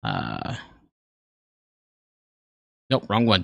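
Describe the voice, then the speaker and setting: A man's voice: mid-range voice, big pitch swings, measured pace, no echo, studio quality. A man casually chatting on a livestream, rambling and joking at his own expense with the viewers. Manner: rambling, self-deprecating, joking with chat. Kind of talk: casual reaction stream chat.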